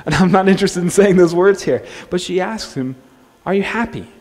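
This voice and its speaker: A male pastor preaching a sermon in a relaxed, conversational way, joking and restarting his phrases. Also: sits high, brisk. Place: church sanctuary. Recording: long church-hall reverb.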